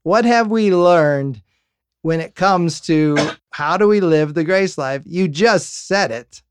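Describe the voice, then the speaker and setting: A male podcast host with a smooth, clear voice, recorded close and dry. He laughs often and works his thoughts out as he speaks, with frequent restarts. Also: on the high side, lively intonation, takes it slowly, no room sound. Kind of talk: casual podcast conversation.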